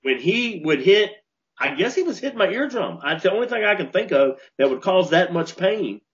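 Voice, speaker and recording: A man co-hosting a podcast, telling a story in an animated way and restarting his sentences as he gets worked up. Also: high voice, normal speed. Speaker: podcast co-host. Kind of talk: casual storytelling chat. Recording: dull lo-fi podcast audio.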